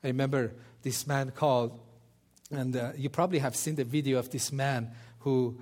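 A man preaching a sermon, telling stories and acting out the voices of the people in them, with some halting restarts. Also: medium pitch. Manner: animated, acts out quoted voices. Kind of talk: sermon with storytelling.

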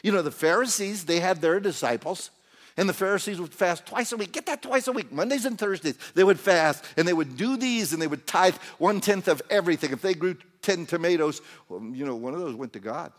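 A man delivers an animated sermon in a church. His voice sits high and leaps widely in pitch. He moves from loud to hushed and slips into acted-out voices as he preaches. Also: fairly quick. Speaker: pastor.

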